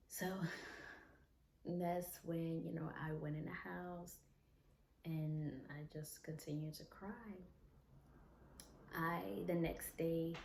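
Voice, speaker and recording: Soft, low-voiced woman telling her story. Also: a little hiss or hum. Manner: soft-spoken, unhurried, candid. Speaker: vlogger. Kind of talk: personal storytelling. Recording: echoey room, faint ambience.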